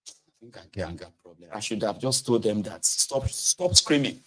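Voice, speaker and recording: A man with a Nigerian accent speaking in a casual commentary monologue, telling an animated story that swings between loud outbursts and low muttering, with pidgin and Yoruba words mixed in. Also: fast.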